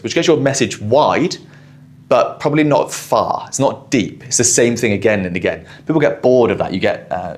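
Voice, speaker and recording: A man with a southwest English accent talks through a podcast clip he recorded, breaking down what was said. His voice sits very low, and he speaks quickly and explains as he goes, often restarting his sentences. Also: a little mellow. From southwest England. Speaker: podcast host reviewing a clip.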